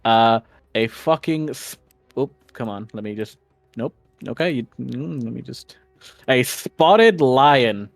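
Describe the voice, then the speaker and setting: A man's voice: mid-range voice, unhurried, vocal fry, no room sound, faint music behind. A man playing a tabletop game, talking casually with giggles and frequent swearing. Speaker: player.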